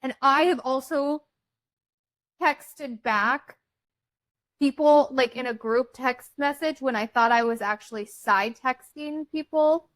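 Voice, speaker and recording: A woman's voice: high voice, takes it slowly, a bit bright, dry recording, poor audio. A middle-aged woman hosting a podcast, chatting casually and teasing her co-host as she retells stories with quoted dialogue. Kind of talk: casual chat.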